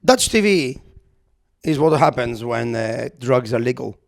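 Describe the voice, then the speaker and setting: Young co-host with dry quips. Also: male voice, medium pitch, lively intonation, unhurried, vocal fry, dry recording. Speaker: podcast co-host. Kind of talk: casual chat.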